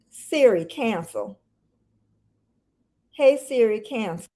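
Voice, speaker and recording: A woman in her sixties hosting a casual livestream, greeting viewers by name and chatting warmly with frequent ums. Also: on the high side, sing-song, very slow, pauses often. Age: 60s. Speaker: livestream host.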